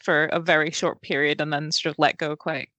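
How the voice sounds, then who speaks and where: A woman's voice: low-pitched, level tone, fairly quick, bright, forceful tone, no echo. A woman playing a tabletop game, narrating her character's actions and speaking in character in a faltering, unsure way. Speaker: player. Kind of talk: tabletop role-play.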